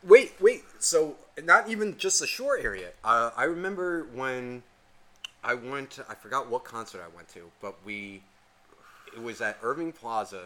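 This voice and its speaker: A man with a bright, forceful voice spins a loose, swearing-heavy anecdote as a podcast co-host. His delivery is animated, and he jumps into little acted-out quotes of the people in his story. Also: medium pitch, normal speed. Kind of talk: casual profane storytelling.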